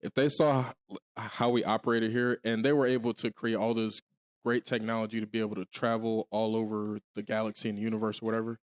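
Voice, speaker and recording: A man co-hosting a podcast in casual chat, reasoning things through in a measured way and conceding points. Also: on the low side, flat delivery. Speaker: podcast co-host.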